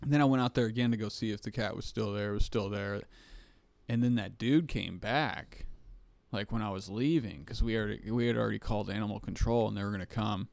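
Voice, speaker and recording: A man's voice: lowish voice, brisk, vocal fry, a little mellow, no room sound. A man co-hosting a podcast, telling a rambling story full of swearing and restarts in casual chat. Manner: rambling, heavy swearing, restless. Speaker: podcast co-host.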